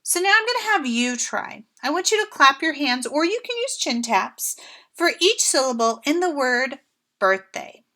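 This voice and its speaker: Young woman, primary teacher, high bright voice, slow and encouraging, talking to small kids. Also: big pitch swings. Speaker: first grade teacher. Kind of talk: remote lesson for young children.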